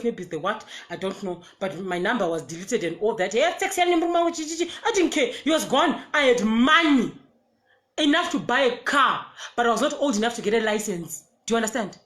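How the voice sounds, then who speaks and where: A young adult woman with a Zimbabwean accent tells a personal story in casual storytime style. She is animated, laughs often and repeats words. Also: a little high.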